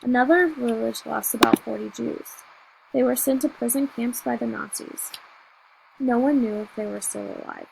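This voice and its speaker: Woman audiobook reader, first-person novel, steady and measured, gravelly, fairly high. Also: a little hiss or hum, low-quality recording.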